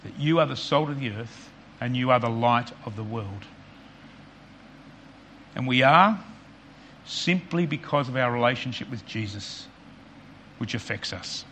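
A man preaching a sermon as pastor, earnest and repetitive for emphasis, often dropping quiet on key points. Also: medium pitch, lively intonation, a little slow, pauses often, slight background noise.

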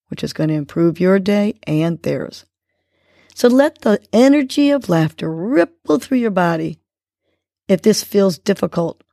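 Slow, gravelly-voiced woman guiding breathing. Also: medium pitch, no echo, clean studio sound. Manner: gentle, encouraging guide. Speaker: podcast host. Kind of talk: guided breathing exercise and pep talk.

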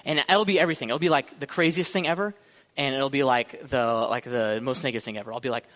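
A man's voice: medium pitch, fast, a bit bright. A man in his thirties, a pastor giving a casual, joking sermon to college students and acting out his own thoughts. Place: church hall. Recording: long hall reverb.

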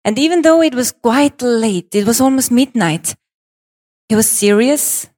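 A woman giving a storytelling speech on stage, swinging between hushed pauses and excited pleading, with repetitions. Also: on the high side. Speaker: speaker presenting a personal story.

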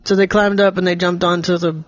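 A man making up a bedtime story for a child, gentle and patient, explaining things simply. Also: high-pitched, level tone, a little fast, no room sound, highs cut off.

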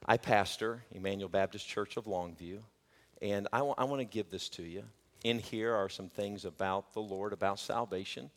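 A male pastor preaching a sermon, swinging from shouted peaks to joking, chatty asides. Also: lowish voice, moderate pace. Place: church sanctuary. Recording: long church hall reverb.

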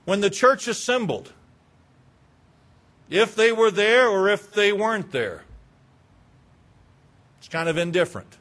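A man's voice: high-pitched, lively intonation, a little slow, long pauses, fairly bright tone. A man, a pastor, preaching a sermon in a conversational way, asking rhetorical questions and mimicking indifferent churchgoers.

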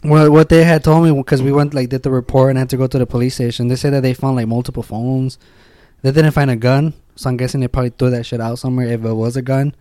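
A man's voice: medium pitch, flat delivery, quick pace, mellow, clean tone, no room sound, studio quality. A man telling a story in casual podcast chat, rambling with lots of "like" and swearing. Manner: rambling, full of "like" and restarts, swears freely.

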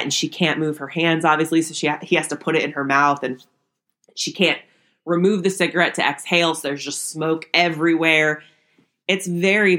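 A woman's voice: low voice, fairly bright tone. A young woman hosting a podcast, recapping an old sitcom episode in a chatty way, laughing often. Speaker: podcast host.

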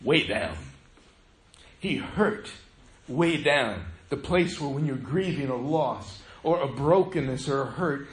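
High-voiced preaching man in an echoey room. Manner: animated preaching, swinging from loud to hushed. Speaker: pastor. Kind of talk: sermon. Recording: echoey room, faint noise.

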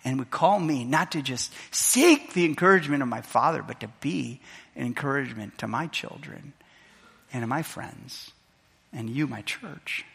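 Male pastor, middle-aged, emotional storytelling sermon, gravelly, bright, long church reverb. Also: medium pitch, expressive, moderate pace. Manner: emotional, storytelling, acts out quoted voices. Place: church sanctuary.

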